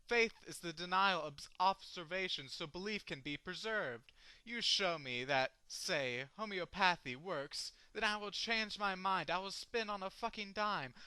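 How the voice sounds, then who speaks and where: A man's voice: sits high, sharp tone, smooth, no echo, rough recording. Sardonic ranting man reciting rhyming verse. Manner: ranting, sardonic, rhythmic, swearing. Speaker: poetry reader. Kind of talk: performed comic beat-poem recitation.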